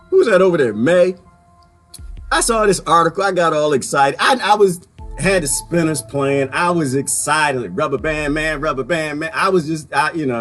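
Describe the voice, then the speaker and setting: A man giving a ranting solo political commentary, sarcastic and animated, often jumping into high mocking voices. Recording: faint music behind.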